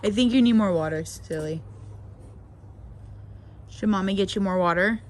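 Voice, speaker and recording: A mom vlogger chatting casually in her backyard, relaxed with the camera and turning to sing-song baby talk with her toddler. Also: mid-range voice, normal speed. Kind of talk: casual home vlog chat. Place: backyard outdoors. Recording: outdoor ambient noise.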